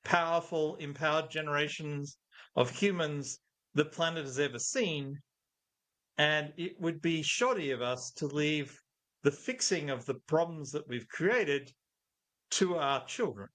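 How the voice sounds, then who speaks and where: A man's voice: a little high, a little slow, a bit bright. A middle-aged man, a guest in an interview, talking thoughtfully and telling anecdotes. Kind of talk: conversational interview.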